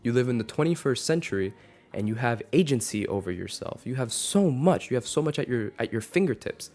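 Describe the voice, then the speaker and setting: A man's voice: medium pitch, animated, a little fast, darkish tone. A man in his twenties ranting casually to camera, rambling with many fillers and restarts. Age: 20s. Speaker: vlogger.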